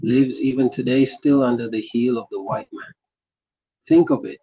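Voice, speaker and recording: A man's voice: mid-range voice, steady tone, moderate pace, mellow, slightly rough, no echo, poor audio. A man narrating a memoir in the first person, breaking into impassioned sermon-style speeches with rhythmic, repeated phrases.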